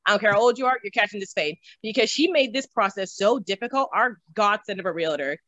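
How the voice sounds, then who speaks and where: Animated young woman telling stories. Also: medium pitch, fast talker, no echo. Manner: animated, laughs often, swears casually. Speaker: interview guest. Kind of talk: casual storytelling. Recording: slightly dull, dry recording.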